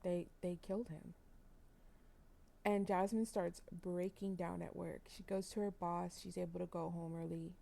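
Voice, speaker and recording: A woman casually narrating a dramatic life-sim game story to her viewers, chatty and expressive. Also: lowish voice, normal speed, gravelly, hardly any pauses. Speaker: gaming channel host.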